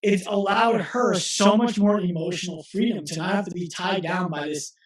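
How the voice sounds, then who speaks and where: A fairly high-voiced man in his thirties speaks earnestly as an interview guest, and he often restarts his sentences as he tells stories. His voice carries a roomy echo. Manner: earnest, storytelling with quick restarts. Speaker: guest, physical therapist and coach. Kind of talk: conversational interview.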